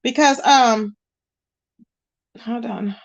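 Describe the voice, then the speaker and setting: A woman's voice: fairly high pitch, drawn-out words, dull audio. A woman hosting a casual livestream, greeting viewers and chatting while she searches her screen. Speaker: livestream host.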